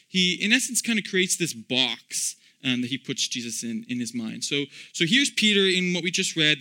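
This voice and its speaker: A man's voice: on the high side, sharp tone. A man preaching an informal sermon in an earnest, conversational way, with frequent ums and restarts.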